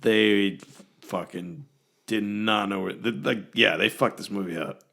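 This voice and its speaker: A man with a hoarse, gravelly voice co-hosts a casual podcast. He talks bluntly and swears freely, his rasp worn down from yelling. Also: fairly low pitch, a little slow. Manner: blunt, profane ranting. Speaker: podcast co-host. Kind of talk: casual chat.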